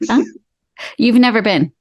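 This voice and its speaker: A woman's voice: a little high, unhurried, no room sound. Chatty woman podcast host, dry sound. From Canada. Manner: chatty and encouraging, laughs easily. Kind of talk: casual interview chat.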